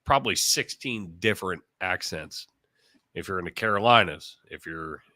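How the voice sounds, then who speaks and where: A man's voice: low-pitched, moderate pace, sharp tone, dry recording. A man from Ohio with an Ohio accent, co-hosting a podcast in casual chat, blunt and swearing freely. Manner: profane, blunt banter. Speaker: podcast co-host.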